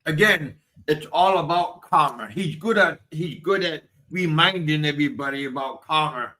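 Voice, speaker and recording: A man hosting a casual chat, speaking in a calm, measured drawl. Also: fairly high pitch. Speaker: host.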